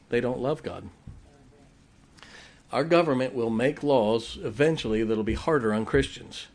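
A man preaching a sermon in a folksy, joking way, with sudden shouted exclamations. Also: medium pitch. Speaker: pastor.

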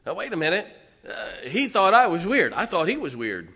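Emphatic preacher in a hall. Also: male voice, high-pitched, wildly swooping pitch, sharp tone, breathy edge. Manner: emphatic preaching, breaks into slow singing. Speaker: pastor. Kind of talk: sermon. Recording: reverberant church hall.

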